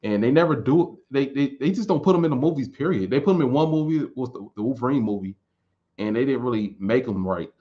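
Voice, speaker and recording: A man in his thirties in casual chat, answering viewer questions in a relaxed, rambling way and repeating words as he thinks. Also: medium pitch, fast talker. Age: 30s. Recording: dull lo-fi recording.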